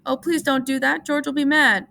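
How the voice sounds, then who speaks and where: A woman's voice: medium pitch, normal speed, vocal fry, fairly bright tone. A woman reading aloud and voicing a big, simple-minded ranch hand who talks in an earnest, childlike, pleading way.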